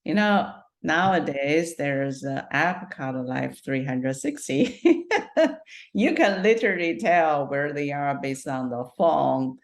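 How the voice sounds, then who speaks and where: A woman with a low voice co-hosts a casual podcast chat. She thinks out loud about her own worries. She laughs lightly between her thoughts. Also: animated, slow pace. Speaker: podcast co-host.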